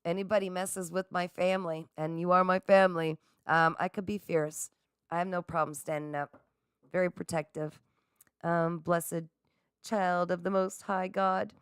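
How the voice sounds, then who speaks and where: A woman's voice: lowish voice, moderate pace, smooth, dry recording, studio quality. A middle-aged woman hosting a livestream, chatting casually with viewers, reading their comments aloud and laughing often. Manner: excitable, laughs often, talks straight to viewers. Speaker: livestream host.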